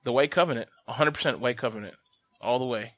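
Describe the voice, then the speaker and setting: Profane ranting man, dry close sound. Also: dry recording. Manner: animated, with quick swings in pitch and loudness. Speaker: podcast host. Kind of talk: casual podcast chat.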